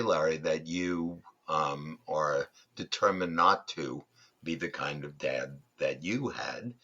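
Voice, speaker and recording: Deep, slow, husky-voiced man. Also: fairly bright tone, muffled recording. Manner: thoughtful, unhurried, frequent ums and restarts. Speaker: podcast guest, fatherhood workshop leader. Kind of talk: reflective interview storytelling.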